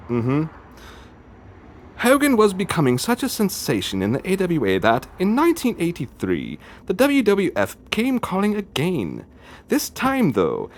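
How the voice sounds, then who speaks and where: Animated, jokey man reading aloud. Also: fairly high pitch. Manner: jokey and animated, with asides and self-corrections. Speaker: video host. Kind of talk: casual commentary while reading aloud from a magazine.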